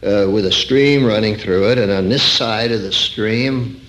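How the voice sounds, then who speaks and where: A man's voice: lowish voice, unhurried, a bit bright. An older man preaching a sermon, quoting scripture and telling a story with rising emphasis.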